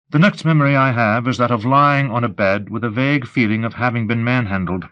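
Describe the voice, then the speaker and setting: A man's voice: mid-range voice, a little fast, hardly any pauses, fairly bright tone. A man narrating an audiobook mystery in scripted first-person narration.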